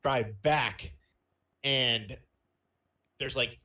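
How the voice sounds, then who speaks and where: A man's voice: medium pitch, very slow, sharp tone. A young man hosting a podcast, casually telling a rambling story with lots of fillers. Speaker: podcast host. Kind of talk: casual chat.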